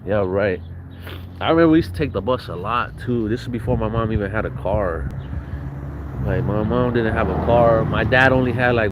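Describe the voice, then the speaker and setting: A man's voice: lowish voice, muffled recording. A young man from Southern California telling profane, slang-heavy stories from his childhood in a casual way. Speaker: vlogger. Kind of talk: casual storytelling. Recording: noisy recording.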